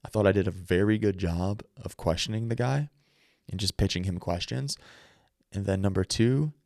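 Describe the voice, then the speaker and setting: A man's voice: on the low side, moderate pace, creaky, a little mellow, no room sound, studio quality. A man hosting his own podcast, telling stories and giving earnest, emphatic advice in a conversational way. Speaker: podcast host. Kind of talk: solo podcast monologue.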